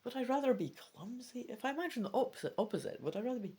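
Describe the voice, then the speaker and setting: Lively husky woman reading a gamebook. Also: fairly high pitch, very fast. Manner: thinks aloud, drops into soft muttering. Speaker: let's play host. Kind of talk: reading a gamebook aloud with musing asides.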